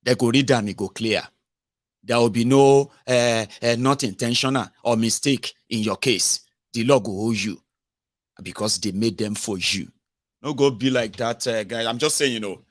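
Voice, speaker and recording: A man's voice: mid-range voice, moderate pace. Emphatic Nigerian man commenting on politics. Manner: mixes Pidgin and English, mocking, emphatic.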